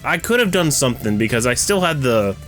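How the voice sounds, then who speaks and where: A young male gaming streamer talks through his own card game as he plays, his mid-range voice very animated, fairly quick and fairly bright. His frustration mounts until he is ranting and swearing, with soft music in the background.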